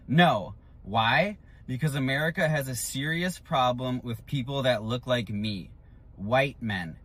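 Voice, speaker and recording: A man's voice: mid-range voice, fairly bright tone. A man delivering indignant, profane commentary to the camera. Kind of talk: reaction commentary.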